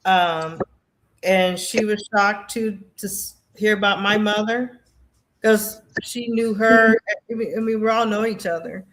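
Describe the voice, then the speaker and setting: A woman, a veteran guest, earnestly sharing personal stories in an animated way, often restarting her sentences. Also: medium pitch, measured pace. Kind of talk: casual personal storytelling.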